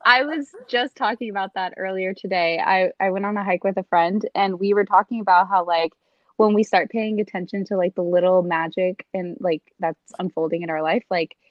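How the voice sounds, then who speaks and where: A young woman chatting as a podcast guest, talking fast with a lot of "like" between her words. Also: mid-range voice, fairly even intonation, no room sound. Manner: chatty, lots of fillers like "like". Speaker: guest on a group-coaching podcast. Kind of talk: casual interview chat. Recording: dull lo-fi call audio.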